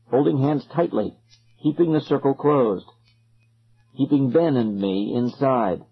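A man narrating a story in an expressive, suspenseful way, on a dull lo-fi recording. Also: mid-range voice, husky. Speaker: audiobook narrator.

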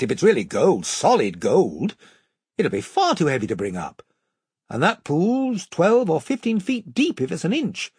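A reader voicing a bold, quick-thinking boy in a storybook, speaking in an urgent, commanding way. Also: medium pitch, husky, dry recording, clean studio sound, pitched above the performer's own voice.

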